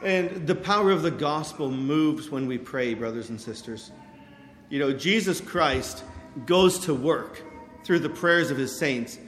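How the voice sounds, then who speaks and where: A man giving a sermon, telling stories with lively quoted voices and frequent fillers like "you know". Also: a little high, a little slow, soft background music. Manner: animated storytelling with quoted voices, many fillers. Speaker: preacher. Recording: echoey hall with long reverb.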